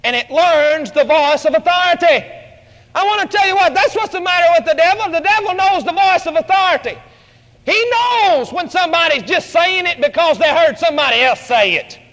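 A man's voice: expressive, normal speed, big-room sound, rough recording. A man preaching a radio sermon, emphatic and dramatic. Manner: emphatic, dramatic shifts in pitch and loudness.

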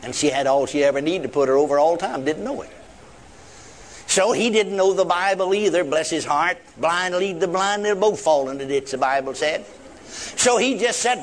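A man's voice: high voice, expressive, normal speed, slight background noise. An older man, preaching a sermon in a folksy storytelling way and acting out the people in his story.

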